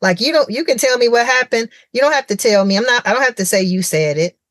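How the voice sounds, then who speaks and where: Woman, lively animated storyteller. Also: on the high side, fast talker, no room sound. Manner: animated storytelling, acting out quoted dialogue. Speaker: childcare center owner, guest. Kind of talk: casual conversational interview.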